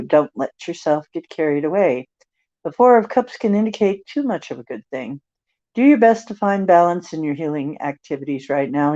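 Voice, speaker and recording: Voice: mid-range voice, mellow. An older tarot reader on a livestream, reading card texts with rambling, joking asides. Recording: dry, dull lo-fi stream audio.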